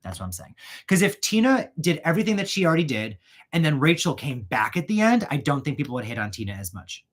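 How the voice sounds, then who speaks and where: A man hosting his own channel, chatting casually while wrapping gifts, animated and prone to going off on rants and tangents. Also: on the high side, fast. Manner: animated, ranting, goes off on tangents. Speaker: channel host.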